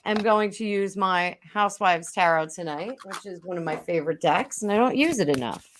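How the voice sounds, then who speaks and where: A woman's voice: mid-range voice, slight background noise. Chatty Jersey woman on a live stream. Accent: New Jersey. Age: middle-aged. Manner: chatty, laughs often, quick asides. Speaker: tarot reader co-hosting a live stream. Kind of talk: casual chat. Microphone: webcam on a video call.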